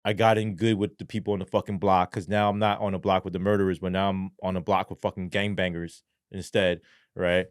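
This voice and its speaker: A man with a somewhat low voice tells a story as a podcast guest, loose and profane, full of slang and fillers. He talks in a dry, close sound with no room echo. His delivery rambles and leans on street talk. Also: a little fast, smooth. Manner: animated, acts out quoted voices. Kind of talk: casual storytelling in a podcast interview.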